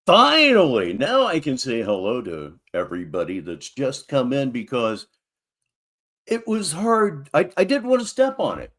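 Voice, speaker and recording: A man's voice: mid-range voice, huge pitch swings, a little slow, a bit bright. A man hosting a livestream talk show, welcoming viewers with wry, theatrical patter. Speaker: host.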